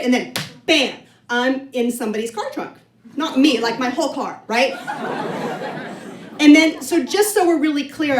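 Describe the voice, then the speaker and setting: A middle-aged woman telling a true story on stage to a live audience, in a chatty, self-deprecating comic way. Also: sits high. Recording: roomy hall sound from a distance.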